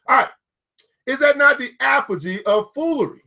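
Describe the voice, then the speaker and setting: A man reading a book aloud to his listeners and stopping to comment, excitable and quick to whoop and laugh. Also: very high voice, gravelly. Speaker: book reader and host.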